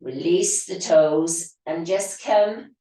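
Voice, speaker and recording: In slow, low tones, a woman leads a yoga session, her voice slightly hoarse as though she's been losing it. She offers calm, steady breathing cues, and the audio is very echoey, picked up from some distance off the mic.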